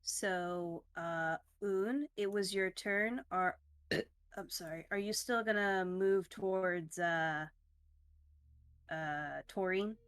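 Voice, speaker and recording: A woman acting as game master in a tabletop game over voice chat, relaxed and often laughing. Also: on the low side, slow pace, smooth, dry recording. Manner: relaxed, counts squares aloud, laughs often. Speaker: dungeon master.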